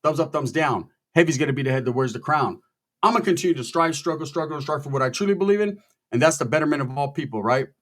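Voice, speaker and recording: A man telling a story in a casual, profane, animated way, acting out the people in it. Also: on the high side, quick pace. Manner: profane, animated, quotes people in their voices.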